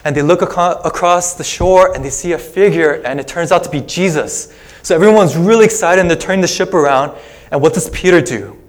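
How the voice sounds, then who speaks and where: A man's voice: fairly high pitch, a little fast. Man preaching a casual storytelling sermon. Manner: conversational storytelling with casual asides. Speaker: pastor.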